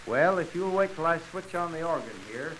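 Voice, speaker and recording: A man with a high voice speaks in a 1930s radio dialogue. He is hospitable and earnest. A faint hiss runs underneath. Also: lively intonation, fairly quick, a bit bright, low-quality recording. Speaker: doctor hosting a visitor.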